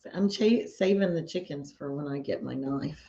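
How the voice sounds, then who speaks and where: Wife co-hosting a home live stream; easygoing and teasing, muffled audio. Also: female voice, low voice, normal speed. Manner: relaxed, giggly, teasing. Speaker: co-host of a homestead live stream. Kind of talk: casual chat.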